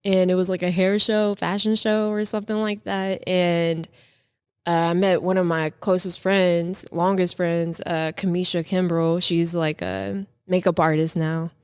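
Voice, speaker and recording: A young woman, a podcast guest, talking casually about her modeling start, relaxed and giggly, with many fillers. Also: on the low side, unhurried, smooth, dry recording, clean studio sound. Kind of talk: casual interview chat.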